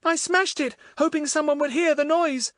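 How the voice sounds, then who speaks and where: A man reading an audiobook, voicing a frightened, tearful young girl with a high, trembling, pleading voice. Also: steady tone, normal speed, fairly bright tone, dry recording, studio quality. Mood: distressed. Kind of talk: audiobook character voice.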